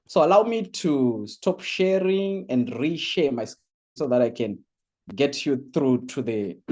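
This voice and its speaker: A man running a live online course orientation, reading chat answers aloud with lots of laughs and exclamations. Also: a little high. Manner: animated, reads chat aloud, laughs often.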